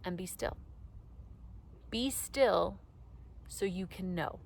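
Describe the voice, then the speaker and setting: A woman's voice: fairly low pitch, slow, creaky, pauses often, a little mellow, a little hiss or hum. A woman coaching her audience in a motivational talk, emphatic and repetitive, with casual swearing.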